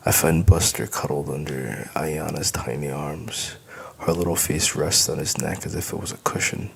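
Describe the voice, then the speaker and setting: A man narrates an audiobook in the first person, with wry, tired humor. His voice sits extremely low and rumbles with fry. A faint hiss runs beneath the recording. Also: normal speed.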